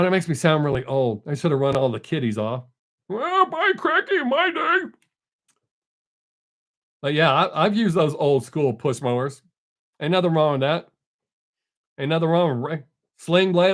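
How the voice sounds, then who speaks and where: An older man hosting a live stream, in casual folksy chat, joking and greeting viewers from the chat by name. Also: a little high.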